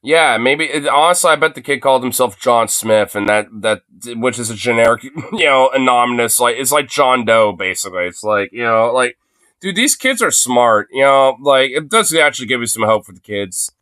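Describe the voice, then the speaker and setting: A man's voice: medium pitch, lively intonation, moderate pace, pushed and bright, dry recording, studio quality. A young man streaming from his phone, reacting to a video in a loose, profane rant full of fillers. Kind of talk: casual ranting commentary.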